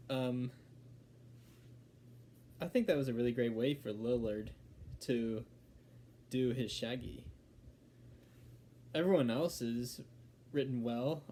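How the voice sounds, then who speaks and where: A man at a middling pitch, reviewing a film in a relaxed, unscripted way. He rambles, restarts his sentences and fills the gaps with "like" and "um". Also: a little hiss or hum. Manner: rambling, fillers and restarts, chuckling. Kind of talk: casual video review.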